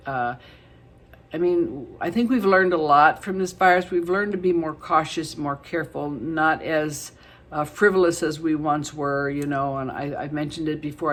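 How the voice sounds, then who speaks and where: A middle-aged woman vlogging to her viewers in a casual, chatty and affectionate way, with many fillers. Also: low-pitched. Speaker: beauty vlogger. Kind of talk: casual chat to camera.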